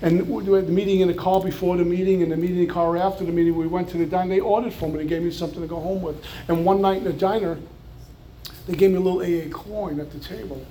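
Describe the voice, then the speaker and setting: A man's voice: high voice, fairly even intonation, fast talker, dark tone, a little hiss or hum. A man from New York with a New York accent, giving an earnest personal recovery testimony with flashes of wry humor. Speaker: recovery speaker.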